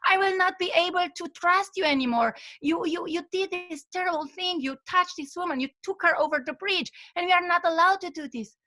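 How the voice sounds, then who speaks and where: A woman's voice: very high-pitched, brisk, few pauses, pushed and bright, pitched above the performer's own voice. A woman voicing a frustrated young male monk apprentice, complaining in a stammering, indignant way in a spoken story. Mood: angry.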